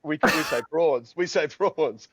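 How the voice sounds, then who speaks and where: An Australian man, a guest on a podcast, chatting about his work in a relaxed way. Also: a little high, measured pace, a loud crowd. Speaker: podcast guest, sales coach. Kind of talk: casual podcast chat. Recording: dull dry sound.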